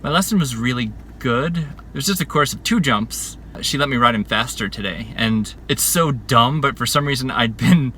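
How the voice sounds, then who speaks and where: Bright-voiced man venting in his car. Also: mid-range voice, animated, moderate pace, hardly any pauses, a little hiss or hum. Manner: rambling, self-reflective, conversational. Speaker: vlogger. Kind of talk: candid personal video diary. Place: parked car.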